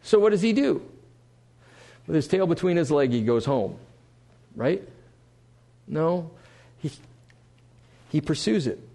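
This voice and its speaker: A man preaching a sermon to a congregation, swinging between loud emphasis and quiet asides. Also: on the high side, expressive, slow pace, creaky, pauses often. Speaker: pastor. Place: church sanctuary before a congregation.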